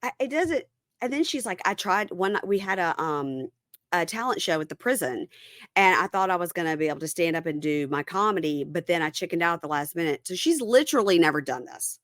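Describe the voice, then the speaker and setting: Low-voiced woman recapping animatedly. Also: brisk, dry recording, clean studio sound. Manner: animated retelling, acting out quotes. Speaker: podcast co-host recapping reality TV. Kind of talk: casual chat.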